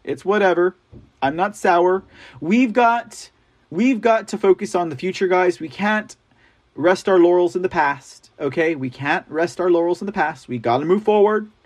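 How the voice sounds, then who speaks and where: Chatty, high-voiced male stream host. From Texas. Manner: chatty, reads and answers viewer comments, frequent laughs. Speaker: livestream news show host. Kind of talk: casual live-chat talk.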